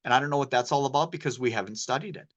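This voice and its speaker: A man of medium pitch speaks rapid-fire in a casual medical lecture as a poison control specialist, telling stories and sprinkling in slang.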